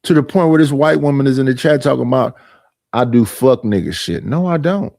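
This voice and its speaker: A middle-aged man rants on a livestream, aggrieved and repetitive, going over the same point again and again. His voice is dark and mellow, and the sound is dry and close. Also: medium pitch, expressive, brisk, creaky, no echo. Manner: aggrieved, repetitive, mimics others in quoted voices. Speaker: streamer. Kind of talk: casual livestream rant.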